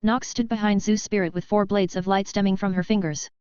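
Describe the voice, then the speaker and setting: Smooth-voiced woman reading a novel. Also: medium pitch, steady tone, fairly quick, darkish tone, dry recording. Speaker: audiobook narrator. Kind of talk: scripted narration. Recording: slightly dull lo-fi audio.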